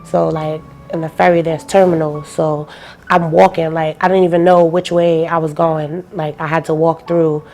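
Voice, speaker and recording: A young woman tells a personal story to an interviewer in a loose, casual way, full of fillers, acting out each phone call she recounts. Her voice sits low and stays flat, with little rise or fall. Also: normal speed, soft background music. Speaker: interview guest.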